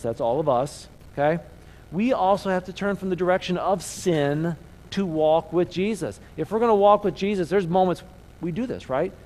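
Man preaching, slightly high voice, rhetorical questions, call-and-response. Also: a little mellow, rough recording. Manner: call-and-response, asks audience to repeat words. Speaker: pastor. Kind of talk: sermon.

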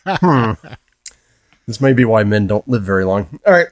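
A man's voice: mid-range voice, lively intonation, normal speed, pauses often, no room sound. A man co-hosting a podcast, telling brewing disaster stories and reading listener letters in a dry, wry way. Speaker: podcast co-host.

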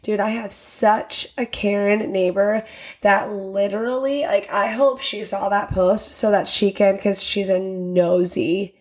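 A woman's voice: medium pitch, steady tone, unhurried, a little mellow. A woman hosting a podcast, ranting candidly and profanely in casual talk and acting out quotes as she tells stories. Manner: storytelling with acted quotes. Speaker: podcast host.

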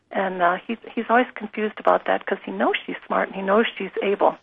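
A woman guest speaking gently and earnestly in an interview, with frequent pauses on "uh.". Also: medium pitch, gravelly, husky, narrow, tinny audio. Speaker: guest, curriculum company president. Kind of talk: conversational interview with read-aloud passages.

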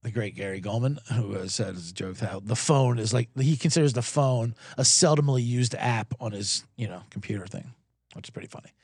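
A man's voice: medium pitch, fairly quick, a little mellow, husky, no room sound. A man hosting a comedy sports podcast, ranting sarcastically with lots of swearing and frequent restarts. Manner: ranting, sarcastic, profane, self-interrupting. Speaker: podcast host.

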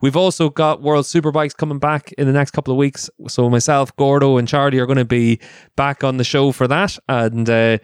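Smooth-voiced man hosting a podcast. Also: medium pitch, brisk, no room sound, clean studio sound. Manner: relaxed, frequent fillers, self-mocking. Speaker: podcast host. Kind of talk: casual podcast chat.

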